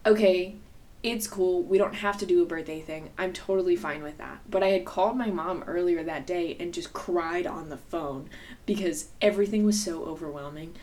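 A woman's voice: lowish voice, moderate pace, darkish tone. Young woman rambling candidly on a podcast. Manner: rambling, filler-heavy, candid and profane. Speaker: podcast co-host. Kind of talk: casual storytelling chat.

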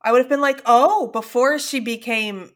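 A woman's voice: a little high, moderate pace, a bit bright. A woman co-hosting a podcast, chatting casually about a movie in a teasing, playful way.

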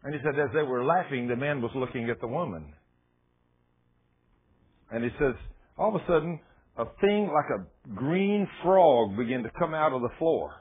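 A man preaching a sermon who tells a story dramatically and drops to a hush when he quotes someone. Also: medium pitch, expressive, normal speed, slightly rough. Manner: dramatic retelling, dropping to hushed tones for quotes. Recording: tinny phone-like radio broadcast.

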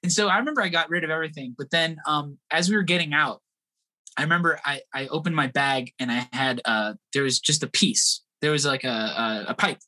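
A man in his thirties, a guest musician on a podcast, telling a tour story in a loose, animated way, laughing and acting out the voices of people in it. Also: on the high side, a little fast. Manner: animated, acts out quoted voices, laughs often. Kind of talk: casual storytelling.

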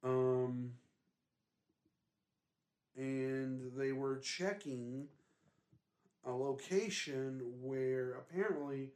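A man's voice: mid-range voice, fairly even intonation, very slow, long pauses, a little mellow. A young man co-hosting a podcast in casual chat, rambling along with lots of ums and uhs in a laid-back way. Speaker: podcast co-host. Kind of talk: casual chat about ghost recordings.

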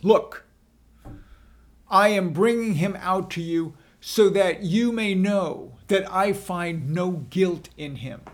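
A man voicing a stern, anxious Roman governor in a scripture drama, making loud, forceful declarations. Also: sits high, takes it slowly, pitched above the performer's own voice. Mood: insistent.

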